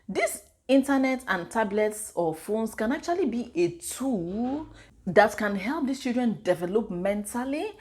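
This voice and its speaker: Nigerian-accented woman, thirties, casual vlog, mid-pitched voice, lively storyteller. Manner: chatty, animated storytelling with pidgin and Igbo asides. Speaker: vlogger and mother.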